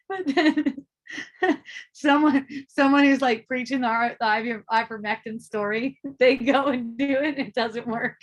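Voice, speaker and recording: A woman's voice: sits high, takes it slowly, long pauses, highs cut off. A woman hosting a casual live group talk, rambling, swearing freely and breaking into laughter often. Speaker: host of a spiritual dialogue group.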